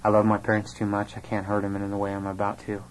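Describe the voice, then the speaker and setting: A man's voice: fairly low pitch, monotone, fast talker, slight background noise, low-quality recording. A young man giving an earnest personal testimony, telling his story through remembered conversations. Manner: earnest storytelling, quoting others in dialogue.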